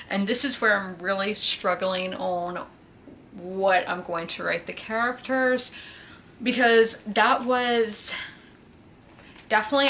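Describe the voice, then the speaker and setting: There's background noise behind this woman's mid-range voice. She's a book vlogger in her twenties from South Carolina, chatting casually about the week's reading with frequent fillers like "um" and "you know."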